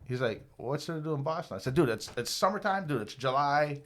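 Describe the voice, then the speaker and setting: A man in his fifties telling a long, rambling, profane story on a podcast, lively when quoting people. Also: fairly high pitch, a little fast. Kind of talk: casual storytelling.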